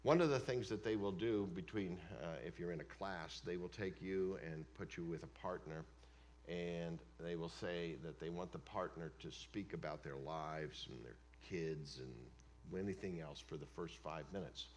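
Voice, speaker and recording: A man preaching a sermon as pastor of a church, emphatic, swinging between loud declarations and hushed asides. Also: deep voice, moderate pace, a little hiss or hum. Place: church sanctuary.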